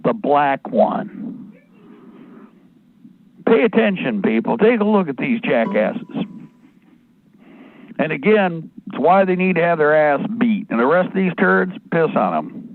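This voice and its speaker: Fired-up guy ranting on talk radio, cussing, voice a little high, dry and thin like over a phone. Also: no echo. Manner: angry, rambling, profane ranting. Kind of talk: live radio rant. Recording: tinny phone-like dry sound.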